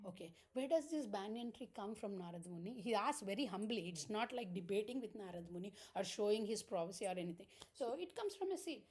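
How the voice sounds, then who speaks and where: A woman's voice: medium pitch, animated, fast, few pauses, a little mellow, breathy edge. A woman teaching scripture through a story, emphatic and full of rhetorical questions and fillers.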